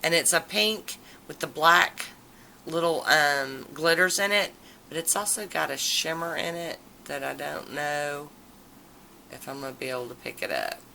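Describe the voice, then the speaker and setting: A woman talks slowly in a low, bright voice, gushing over each item with drawn-out exclamations. She sounds like a casual home video vlogger, with faint room ambience behind her. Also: vocal fry, slight background noise, low-quality recording. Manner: chatty and enthusiastic, drawn-out exclamations. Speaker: nail polish vlogger. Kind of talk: casual haul video chat.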